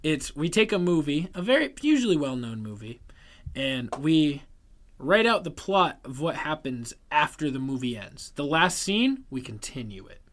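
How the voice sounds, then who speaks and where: A young man with a high, lively voice that swoops a lot. He giggles and chats his way through the banter, a little drunk, in a laid-back podcast. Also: normal speed. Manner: giggly, explains the segment. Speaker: podcast co-host.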